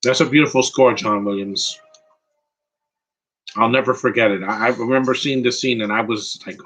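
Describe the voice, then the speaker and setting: A man's voice: medium pitch, steady tone, moderate pace, pauses often, fairly bright tone, low-quality recording. A man giving a casual, rambling live commentary on a film, emotional and close to tears. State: teary, close to crying. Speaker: movie commentator.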